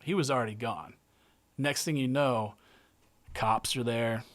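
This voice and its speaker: A man's voice: medium pitch, unhurried. A man, a guest artist, telling a vivid story in casual present tense, with some swearing and frequent restarts.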